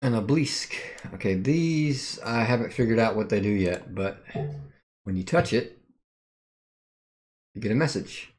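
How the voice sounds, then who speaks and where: A man's voice: on the low side, expressive, unhurried, long pauses, darkish tone. A man streaming a game, thinking aloud and muttering as he works out its menus and skills. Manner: thinks aloud while puzzling over the game. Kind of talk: casual let's-play commentary.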